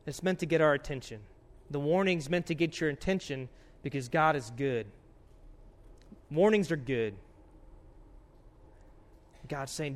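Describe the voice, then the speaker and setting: Male pastor, sermon, fairly high voice, earnest, loud urgent passages, hushed warnings. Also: a little slow, pauses often.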